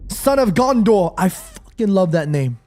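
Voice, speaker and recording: A man with a fairly high voice, talking, reacts live to a football match for his stream. He reads viewer messages aloud and answers them, sometimes quiet and reflective, sometimes loud and profane. He sounds worked up and sweaty after the match. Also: a little slow. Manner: animated, swings from calm to heated rants, swears, reads chat aloud. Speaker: watchalong streamer.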